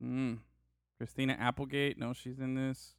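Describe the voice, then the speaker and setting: A man's voice: medium pitch, little pitch movement, normal speed, clean tone, no echo, clean studio sound. A man hosting a podcast in casual banter, joking, laughing and rambling between topics. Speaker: podcast host.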